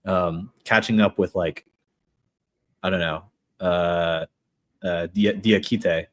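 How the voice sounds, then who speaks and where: A man hosting a sports podcast in a relaxed, joking, chatty way. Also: sits low, slow pace. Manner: relaxed, joking, upbeat sign-off. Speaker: podcast host. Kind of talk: casual podcast chat.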